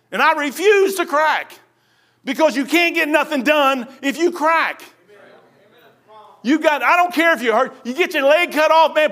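A man preaching a sermon in a church, telling a personal story in a folksy, animated way and often tossing in "man". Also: extremely high pitch.

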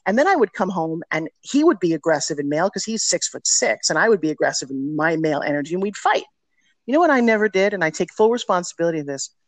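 A woman's voice: lowish voice, sing-song, quick pace, dry recording. A middle-aged woman telling candid stories as a podcast guest, talking with energy and emphasis. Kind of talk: podcast interview storytelling.

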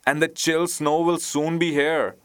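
A man's voice: a little high, level tone, a little slow, smooth, pitched above the performer's own voice, lightly acted. Storybook swallow, small and kind, voiced by a man a few notes above his own voice. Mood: tender. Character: small kind-hearted male swallow bird.

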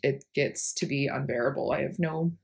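A woman's voice: extremely low pitch, normal speed, creaky, husky. A young woman working on a farm, chatting candidly with lots of fillers and the odd swear word. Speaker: farm worker. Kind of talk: casual chat.

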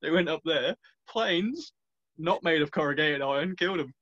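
A man's voice: fairly high pitch, normal speed, fairly bright tone. A young man, bantering playfully in a casual chat. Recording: dull lo-fi sound.

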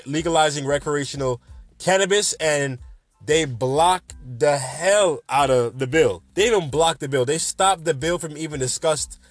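A man in his twenties hosting a podcast, rambling through a late-night rant in a jokey, sarcastic way. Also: fairly high pitch. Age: 20s. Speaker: podcast host.

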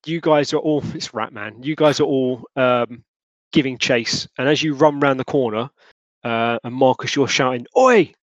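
A man's voice: medium pitch, steady tone, normal speed, dry recording. Man narrating as game master, hesitant. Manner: hesitant, lots of ums and restarts. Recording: dull lo-fi sound.

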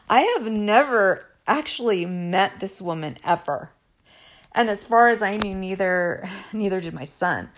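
Slow, confiding woman storyteller. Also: mid-range voice, a bit bright. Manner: slow, confiding, apologetic asides to viewers. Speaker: vlogger telling a personal story. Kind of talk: storytime monologue.

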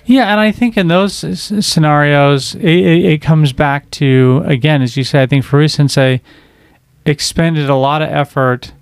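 A man co-hosting a martial arts podcast, talking in a reflective, measured way and often agreeing. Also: fairly high pitch, clear, resonant tone, no room sound, studio quality. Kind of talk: casual chat.

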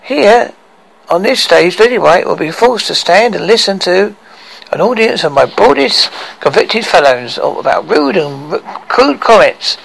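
A man's voice: sits high, expressive, unhurried, gravelly, fairly bright tone, slight background noise, exaggerated voice, low-quality recording. A man doing a gloating villain queen. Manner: gloating, theatrical, cackling. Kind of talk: storybook read-aloud.

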